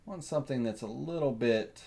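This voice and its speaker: A middle-aged man with a Southern accent walks through a software tutorial in a loose, rambling way. He talks himself through each step with many ums and uhs. His voice sits at an ordinary middle pitch. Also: a little fast, creaky. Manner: relaxed, rambling, thinks aloud with many fillers.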